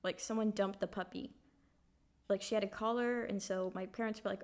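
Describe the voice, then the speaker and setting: A woman with a mid-pitched voice, chatting casually as a podcast co-host. She tells stories with animation and plays out other people's lines as she goes. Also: brisk. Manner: animated storyteller who acts out quotes. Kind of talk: casual chat.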